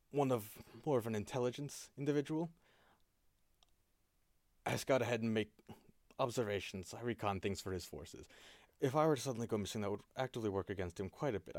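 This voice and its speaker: A man's voice: fairly low pitch, darkish tone, no echo. A man voicing a secretive, sardonic male spymaster who talks in dry, long-winded warnings.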